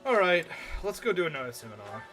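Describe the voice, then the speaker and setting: A man's voice: fairly high pitch, sing-song, fast talker, bright, forceful tone, soft background music. A man streaming a game, chatting casually and arguing as he answers chat comments.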